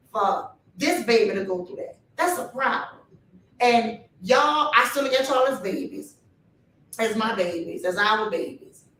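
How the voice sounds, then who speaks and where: A woman's voice: fairly high pitch, a bit bright, slight background noise. A woman speaking on a panel with fire and a preacher-like cadence, talking straight to her audience. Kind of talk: impassioned panel talk. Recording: echoey room from a distance.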